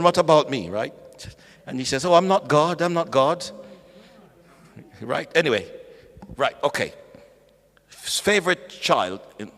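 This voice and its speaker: A man preaching at a bible study, animated, calling out to the congregation and acting out voices. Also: a little high. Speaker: pastor. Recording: echoey hall.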